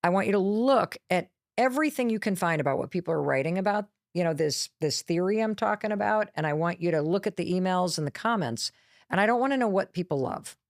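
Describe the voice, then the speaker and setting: A middle-aged woman, a motivational speaker appearing as a podcast guest, telling a candid, lively story and acting out quotes as she goes. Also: on the low side, fast talker, dry recording, clean studio sound.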